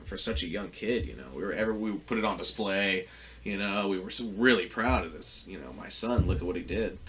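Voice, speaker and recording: A man's voice: sits low, fairly quick, fairly bright tone. A man hosting a podcast, telling a long story in a casual, profane, rambling way with lots of fillers. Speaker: podcast host.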